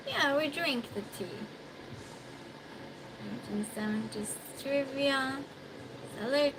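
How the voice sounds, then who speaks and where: A woman's voice: a little high, background noise. A woman hosting a casual trivia stream, reading questions aloud and chatting with viewers, sometimes raising her voice.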